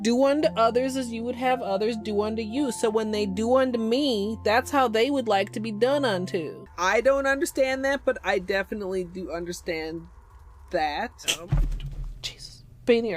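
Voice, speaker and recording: A young adult woman livestreaming, chatting casually in a silly, crude way and laughing often. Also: a little high. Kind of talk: casual stream chat.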